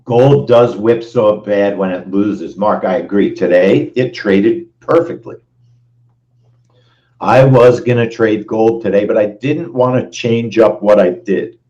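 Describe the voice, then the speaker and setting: A man's voice: fairly low pitch, unhurried, warm tone, lo-fi sound. A man hosting a live trading stream, going over the results in an emphatic way and repeating his phrases. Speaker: trading show host. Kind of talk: live-stream trade recap.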